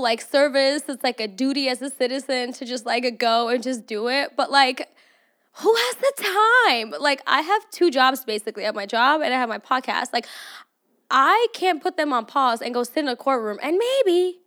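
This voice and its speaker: A woman's voice: sits high, a bit bright. A young woman hosting her own podcast, chatting casually with a stuffy, nasal voice from allergies, profane and playfully scolding her listeners. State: congested from allergies. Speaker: podcast host. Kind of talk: casual chat.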